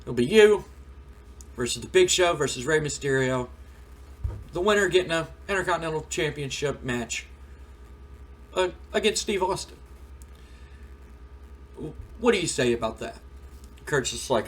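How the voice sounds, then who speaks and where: Man, gaming host, casual rambling narration, fairly high voice. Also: expressive, normal speed, pauses often, breathy edge. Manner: rambling, retelling events with fillers. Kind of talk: casual let's play narration.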